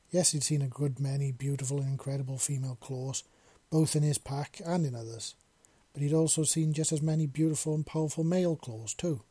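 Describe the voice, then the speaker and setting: A man narrating a story in a measured, unhurried reading. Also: fairly high pitch, dark tone, slightly rough, no room sound.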